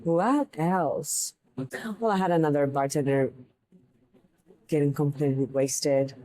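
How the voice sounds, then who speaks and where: A woman's voice: sits low, unhurried, dark tone, poor audio. A young woman hosting a podcast, chatting casually and rambling through funny bartending stories, laughing at her own tales. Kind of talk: casual storytelling monologue.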